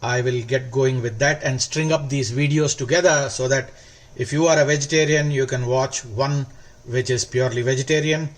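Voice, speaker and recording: A man hosting a cooking video, explaining each step slowly and warmly praising the food. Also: mid-range voice, fairly even intonation. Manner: slow, instructive, gently enthusiastic. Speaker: cooking show host. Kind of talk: cooking demonstration.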